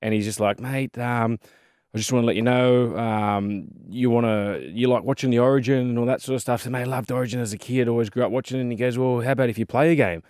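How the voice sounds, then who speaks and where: A man's voice: medium pitch, fast talker, no room sound, clean studio sound. An Australian man in his thirties telling rugby league stories in a casual podcast chat, full of fillers. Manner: animated storyteller, fillers and mate. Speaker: podcast co-host, former rugby league player.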